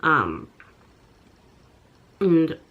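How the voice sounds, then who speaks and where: A young woman vlogging in a halting, upset way, full of pauses and fillers. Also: sits low, sing-song, a bit bright, husky, lo-fi sound. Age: young adult. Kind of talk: personal confessional vlog.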